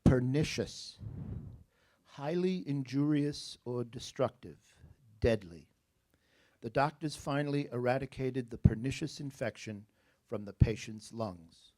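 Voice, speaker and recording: This spelling bee pronouncer, a man with a New Jersey accent, reads out words, definitions and sample sentences slowly and deliberately, slipping in jokey asides. His voice sits at a medium pitch, animated and warm.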